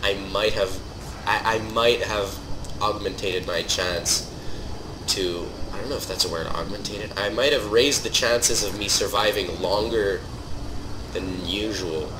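Excitable gamer man, lowish voice. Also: a little slow. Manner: excitable, swings from mumbling to loud outbursts. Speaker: gaming channel host. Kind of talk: live gameplay commentary. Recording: steady background noise.

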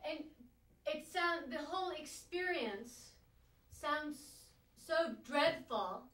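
Casting: high-pitched woman interviewer, careful and apologetic, echoey and distant. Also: expressive, slow, fairly bright tone. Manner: careful, apologetic, repeats words. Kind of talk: interview questions. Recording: echoey room, away from the mic.

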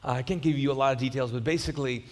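A man's voice: medium pitch, steady tone, rapid-fire. Conversational male pastor in a reverberant hall. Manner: conversational, repeats words and restarts, storytelling. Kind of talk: sermon. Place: church auditorium.

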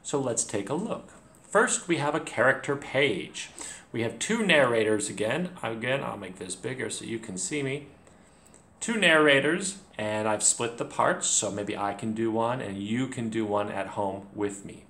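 Lively low-voiced male teacher, echoey room. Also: normal speed. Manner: energetic, playful and encouraging. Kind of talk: reading lesson for children at home.

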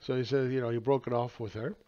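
A man's voice: mid-range voice, steady tone, quick pace, warm tone. Brief: man with a mid-range voice, casual market commentator, rambling and profane, slightly dull lo-fi recording. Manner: rambling, profane, with filler words and laughs. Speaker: market analyst.

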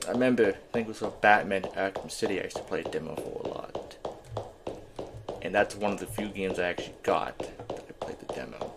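A young man playing a horror game demo and talking through it, jittery and swearing, yelling when startled. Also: deep voice, brisk, vocal fry, background noise. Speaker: gaming YouTuber. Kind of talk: horror game let's play commentary.

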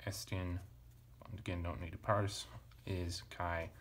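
Deep-voiced man teaching ancient Greek. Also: little pitch movement, slow pace, fairly bright tone, slight background noise. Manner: thinking aloud, self-correcting, casual asides. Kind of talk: relaxed verse-by-verse parsing lesson.

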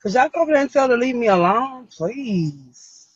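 A man with a high, husky voice hosts a casual livestream, complaining again and again in an exasperated way. The sound is dry and close, and slightly muffled like lo-fi stream audio. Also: animated, moderate pace, no room sound. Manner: exasperated, repetitive complaining with frequent laughs. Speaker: livestream host.

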